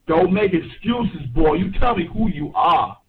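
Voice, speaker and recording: A man's voice: high voice, animated, unhurried, breathy edge, heavily acted. A man on a prank phone call, angrily accusing the other party, heard over dull lo-fi phone audio. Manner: angry, accusing. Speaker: prank caller.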